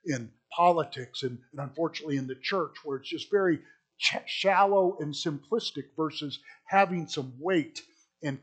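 A man preaching a sermon in a fairly high voice. He leans hard on key words, then drops to soft asides, and speaks to the room as folks. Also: husky. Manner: emphatic, swinging between loud stresses and quiet asides; addresses listeners as folks.

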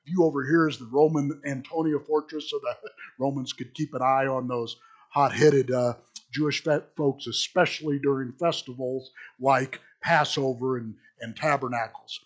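Husky man preaching a conversational sermon. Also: mid-range voice, steady tone, normal speed. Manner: conversational, digressive, with restarts. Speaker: pastor.

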